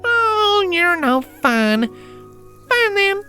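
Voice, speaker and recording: A man's voice: extremely high pitch, big pitch swings, drawn-out words, pushed and bright, faint music behind, pitched above the performer's own voice, heavily acted. A man reading a fanfiction aloud, voicing a teasing, spunky farm girl with a put-on drawl.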